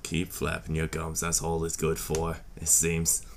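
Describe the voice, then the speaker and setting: A man's voice: a bass voice, completely flat delivery, unhurried, over loud music. A man playing a tabletop game, speaking in character with dry retorts. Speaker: player.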